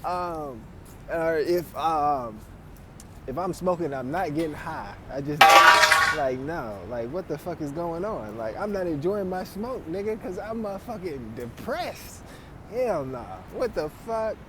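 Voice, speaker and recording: Man, casual storytelling, profane, laughs often, highish voice. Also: animated, measured pace, heavy background noise. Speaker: podcast host.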